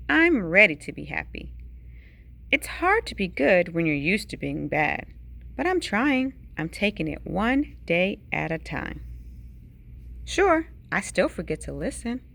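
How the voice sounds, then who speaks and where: Slow, expressive woman reading a picture book. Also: creaky. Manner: dramatic storytelling with sudden hushed whispers and big pitch swings. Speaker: teacher reading aloud. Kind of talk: bedtime picture-book read-aloud.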